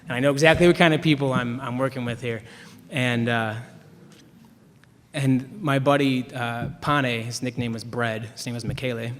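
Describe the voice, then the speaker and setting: A man's voice: mid-range voice, steady tone, moderate pace, a bit bright. A young man from Chicago, a writer on a panel, telling rambling, self-deprecating stories and laughing at himself. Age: young adult. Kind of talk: anecdotal storytelling. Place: event hall with an audience. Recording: long reverb in a hall.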